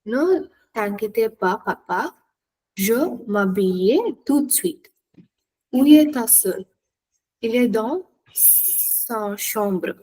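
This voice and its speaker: Slow, careful woman student reading aloud. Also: medium pitch, expressive, darkish tone, husky, low-quality recording. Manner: careful, hesitant reading with restarts.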